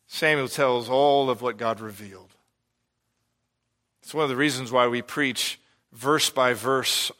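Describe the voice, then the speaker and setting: Earnest male pastor with a bright voice. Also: medium pitch. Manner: earnest and animated, acts out quoted lines. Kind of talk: expository sermon.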